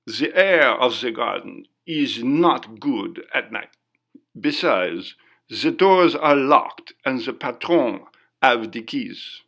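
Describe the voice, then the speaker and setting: A man's voice: mid-range voice, lively intonation, slow, a bit bright, full character voice. A man voicing a stern, protective French head waiter who speaks broken English with a French accent. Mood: earnest.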